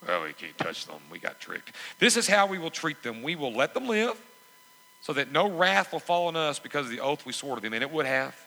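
A man preaching from the pulpit in a church sanctuary, his bright voice sitting a touch high. He hammers each point with repeated phrases and climbs to loud calls to the congregation. The sound rings with the long reverb of a big hall. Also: expressive, a little fast. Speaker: pastor. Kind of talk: sermon.

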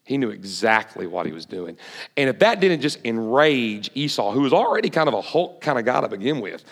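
A man's voice: medium pitch, a little fast, gravelly, long reverb tail. A man preaching a sermon, retelling a story and questioning the audience. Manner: animated, asks the audience questions.

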